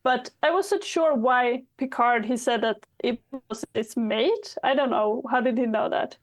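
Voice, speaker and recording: A woman's voice: on the high side, unhurried. A woman guest on a podcast, chatting casually and thinking aloud with frequent hedges. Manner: thoughtful, hesitant, hedging. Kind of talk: casual chat.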